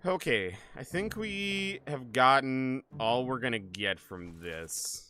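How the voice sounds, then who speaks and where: A man's voice: mid-range voice, expressive, slow, pushed and bright, a little hiss or hum. A man streaming a game, joking with chat and thinking aloud as he plays. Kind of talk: casual gaming stream chat.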